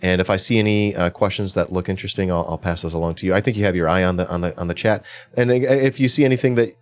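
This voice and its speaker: A man's voice: low voice, very fast. A man hosting an interview show, talking in a casual, chatty way and often repeating words as he restarts.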